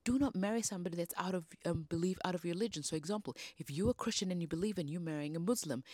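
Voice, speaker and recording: A woman's voice: fairly low pitch, expressive, very fast, darkish tone, no room sound, studio quality. A woman hosting a devotional podcast, teaching in a feisty, emphatic preaching manner with rising bursts. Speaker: podcast host.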